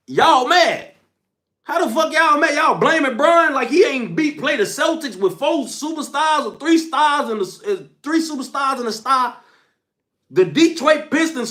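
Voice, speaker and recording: A man's voice: very high-pitched, sharp tone. A young man hosting a livestream, speaking as he scolds his chat in a heated, repetitive, slangy rant. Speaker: livestream host.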